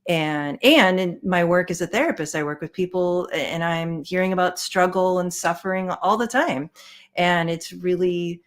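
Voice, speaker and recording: A woman who works as a therapist, chatting as a podcast guest, thinks aloud with pauses and restarts. Her voice sits on the lower side for a woman. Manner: warm, reflective, thinks aloud. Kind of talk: casual conversation.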